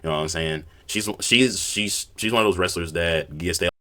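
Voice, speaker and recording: A man giving rapid, conversational wrestling opinion commentary, often repeating "you know what I'm saying". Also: low-pitched, sharp tone. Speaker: wrestling opinion video narrator.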